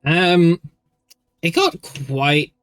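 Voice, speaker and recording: A man's voice: fairly high pitch, sing-song, extremely slow, a bit bright, clear, resonant tone, no echo. A young man hosting a casual livestream as game master, rambling and upbeat with many restarts. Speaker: stream host and game master.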